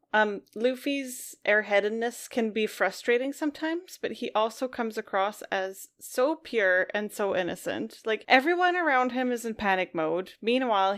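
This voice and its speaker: A woman co-hosting a casual podcast, going through her notes on a comic with light, playful asides. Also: a little high. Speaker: podcast co-host.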